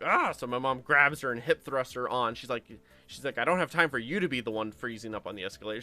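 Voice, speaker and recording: A man streaming a game, telling family stories in a casual, lively way and acting out the voices of the people in them. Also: medium pitch. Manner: animated anecdote telling with acted-out quotes. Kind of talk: casual storytelling while playing a game.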